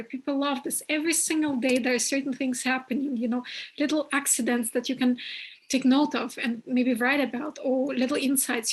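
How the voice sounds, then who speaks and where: A woman host with a high voice talks through coaching advice in a casual interview. She is earnest and restarts her phrases often as she thinks aloud. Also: rough recording. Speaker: podcast host. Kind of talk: conversational interview.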